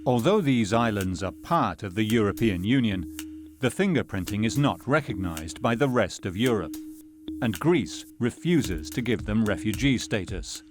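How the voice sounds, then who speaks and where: Male documentary narrator, fairly low voice, sober measured read. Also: expressive. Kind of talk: scripted narration.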